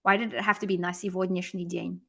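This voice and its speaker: A woman teaching a language lesson on a live stream, lively and chatty, answering viewers as she explains. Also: lowish voice, fast talker, vocal fry. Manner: lively, switches between English and Russian, chats with viewers.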